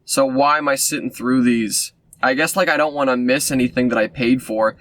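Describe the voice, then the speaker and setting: A man's voice: mid-range voice, normal speed, fairly bright tone, no echo. A man casually recapping a film he reviews, sarcastic and rambling with lots of fillers and asides. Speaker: movie reviewer.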